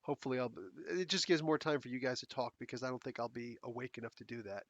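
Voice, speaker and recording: A man's voice: medium pitch, fast talker, no room sound, highs cut off. A man hosting his own podcast in casual chat, rambling and blunt with a sarcastic edge. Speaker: podcast host. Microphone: close desk mic.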